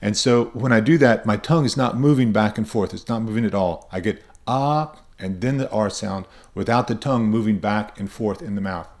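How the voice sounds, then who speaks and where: A man's voice: fairly low pitch, fairly quick, hardly any pauses, darkish tone. A man teaching pronunciation, patiently explaining and repeating example sounds, a native English speaker. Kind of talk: explanatory lesson with spoken examples.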